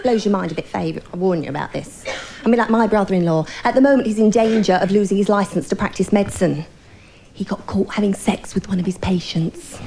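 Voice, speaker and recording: A woman's voice: medium pitch, fairly quick, gravelly, dark tone, a little hiss or hum. A middle-aged woman performing a stand-up comedy routine, telling bawdy stories in a chatty way and talking straight to the crowd.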